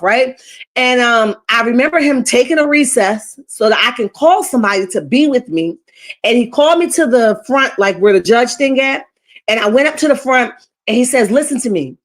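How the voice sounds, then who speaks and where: A woman hosts a casual livestream and tells a personal story to her chat. Her voice sits a little high. She rambles and restarts, keeps checking in with "right?", and the retelling is emotional. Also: fairly bright tone. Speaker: livestream host.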